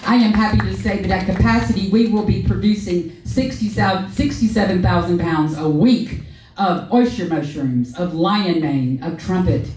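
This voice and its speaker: A middle-aged woman, telling a lively story on a festival panel and acting out both sides of the dialogue. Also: fairly low pitch, unhurried, a little hiss or hum. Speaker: panel speaker, sanctuary founder. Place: hotel event hall. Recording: roomy hall audio from a distance.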